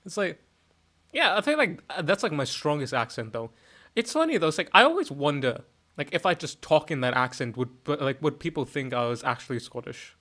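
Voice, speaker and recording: A male streamer chats loosely with friends while he draws, rambling and joking with plenty of fillers. His voice is bright and a little high, with lively ups and downs. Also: brisk. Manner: rambling and jokey, many fillers. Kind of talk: casual chat on an art stream.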